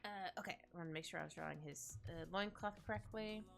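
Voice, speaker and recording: Talking fast in a gravelly, fairly bright voice, the young Canadian streamer chats with viewers while drawing, rambling through lots of fillers and acting out quotes in squeaky voices. Faint music sits in the background.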